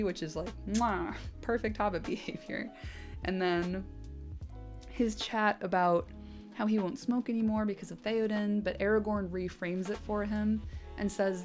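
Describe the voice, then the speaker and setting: A woman's voice: medium pitch, measured pace, over music. A woman hosting a casual book commentary, chatty and enthusiastic, laughing often and swearing playfully. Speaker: host.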